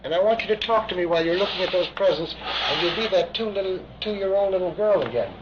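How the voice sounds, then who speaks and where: A man guides a patient through hypnotic regression with calm, coaxing questions. His pitch moves a lot and sits a little high. The recording is dull and old, with a steady hiss behind him. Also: fast. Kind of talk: hypnotic age regression session.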